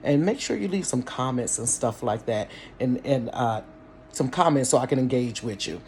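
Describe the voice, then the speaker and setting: A man from Cincinnati hosting a casual storytime vlog from his bedroom, chatty and animated, talking straight to his viewers and laughing easily. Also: mid-range voice, normal speed, a little hiss or hum. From Cincinnati, Ohio. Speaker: storytime channel host. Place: bedroom at home.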